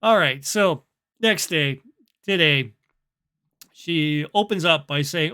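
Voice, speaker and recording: A man's voice: a little high, takes it slowly, pauses often, pushed and bright, clean tone. A man recapping his chats with an app in a casual, amused and dry way, chuckling as he goes. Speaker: vlogger reviewing an app.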